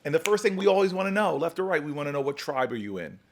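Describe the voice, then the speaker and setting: Lively man telling stories. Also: on the high side, rapid-fire. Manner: animated storyteller, acts out quoted voices. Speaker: senator, podcast guest. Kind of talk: storytelling conversation.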